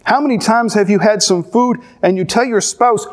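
A middle-aged man, a pastor, preaching a sermon with animated storytelling and playful asides. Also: sits high, moderate pace.

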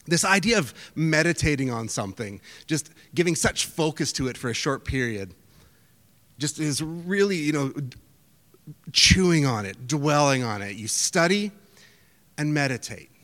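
A man's voice: a little high, expressive, measured pace, fairly bright tone. A male pastor, preaching a sermon in a loose, conversational way with restarts. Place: church hall. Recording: echoey church hall.

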